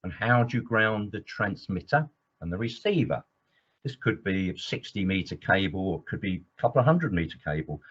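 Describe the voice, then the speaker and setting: A man teaching as an engineering trainer in a webinar lecture, enthusiastic and digressive, with many fillers. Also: on the low side. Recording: dull lo-fi webinar audio.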